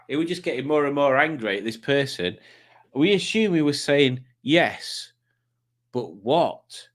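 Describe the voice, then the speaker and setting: A man's voice: mid-range voice, expressive, measured pace. A man hosting a casual livestream, chatting and teasing as he reads out viewers' comments. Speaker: livestream host reading chat.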